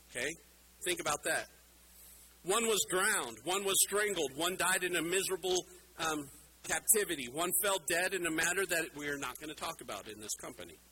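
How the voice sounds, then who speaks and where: A man's voice: on the high side, slight background noise, rough recording. A man giving a playful children's sermon in a church, talking straight to the kids and teasing a young helper. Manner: playful, animated, talks directly to kids in the room. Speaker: pastor. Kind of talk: children's sermon with a hands-on demonstration.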